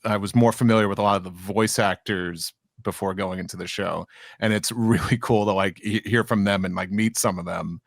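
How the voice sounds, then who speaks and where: A man with a fairly low voice chats loosely as a podcast co-host. He stumbles and restarts often and leans on fillers. The sound is dry and close, with no room echo. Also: steady tone, brisk, gravelly. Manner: chatty, many restarts and "you know" fillers. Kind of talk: casual chat.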